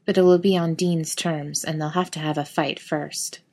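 A woman reading a story aloud in a steady, even way. Her voice sits somewhat low for a woman. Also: normal speed. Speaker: narrator.

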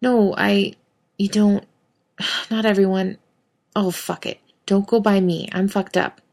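A woman reading fan fiction aloud, voicing a gruff young male hunter who swears bluntly and fumbles for words. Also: medium pitch, flat delivery, takes it slowly, a little mellow.

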